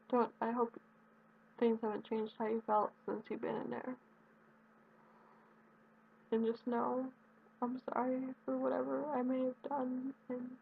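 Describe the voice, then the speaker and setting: A young woman talking in a heartfelt personal video message, earnest and rambling, with halting restarts. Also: high voice, vocal fry, slightly rough. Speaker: vlogger addressing her absent partner. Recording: tinny phone-quality audio with faint hiss.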